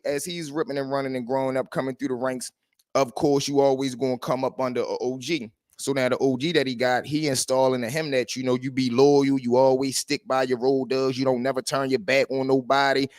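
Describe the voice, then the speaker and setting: A man hosts a livestream story show in animated street talk. His voice sits fairly high for a man. The sound is close and dry. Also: dry recording. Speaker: host.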